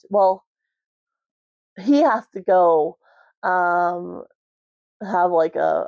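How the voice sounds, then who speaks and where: A woman's voice: mid-range voice, vocal fry, darkish tone, no room sound. A woman vlogger chatting casually about a book at home, rambling with lots of "like" and "um". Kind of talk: casual book review chat. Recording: dry, slightly muffled recording.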